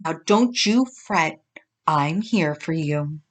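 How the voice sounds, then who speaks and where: A woman's voice: sits low, lively intonation, takes it slowly, voice pushed down, exaggerated voice. Woman playing a doting, cheerful farm mama. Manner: exclaiming, doting. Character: cheerful kindly farm woman, mother figure.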